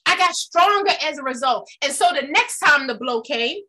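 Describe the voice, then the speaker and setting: A woman gives an emphatic motivational talk in a high voice. Her tone is bright and forceful, and she keeps turning to her listeners with questions as she tells personal stories. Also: animated, normal speed. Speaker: motivational speaker.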